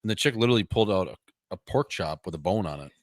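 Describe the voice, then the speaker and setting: A man co-hosting a podcast, bantering casually with quick joking asides. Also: sits low, expressive, no room sound, studio quality. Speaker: podcast co-host. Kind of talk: casual chat.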